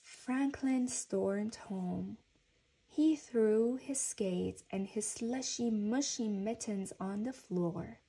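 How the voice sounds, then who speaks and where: A woman reading a children's storybook aloud in a gentle, even storytelling manner. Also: medium pitch, extremely slow, slightly rough, poor audio. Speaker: reader.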